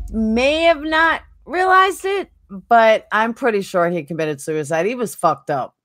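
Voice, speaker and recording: Her voice a little high with a fairly bright tone, this game streamer keeps up casual talk while playing, reading chat and replying to viewers by name.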